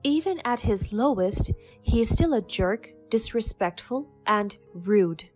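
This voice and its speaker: A woman narrating a first-person story in an even, measured way. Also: on the high side, faint music behind.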